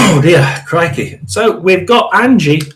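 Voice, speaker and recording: Slow, lively-pitched man hosting a spirit session. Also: a little hiss or hum, poor audio. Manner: halting, repeats words, often clears throat. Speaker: tarot reader and spirit box host. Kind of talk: live-stream tarot and spirit box session.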